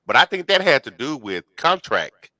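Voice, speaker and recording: A man's voice: medium pitch, big pitch swings, moderate pace, sharp tone, no echo. A man from the South, co-hosting a casual podcast with easygoing, laugh-filled banter. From Alabama, US South. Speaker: podcast co-host.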